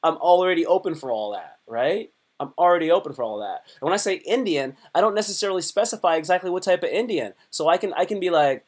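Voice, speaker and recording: A man comedian chatting on a live stream in a rambling way, repeating himself and swinging between loud bursts and low mutters. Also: lively intonation. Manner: slips into quick put-on voices. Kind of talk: casual live-stream chat.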